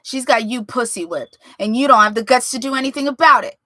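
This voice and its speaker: A woman reading a story, voicing a bitter, defiant teenage boy who shouts with his voice cracking high. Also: fairly quick, dry recording, studio quality. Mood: furious.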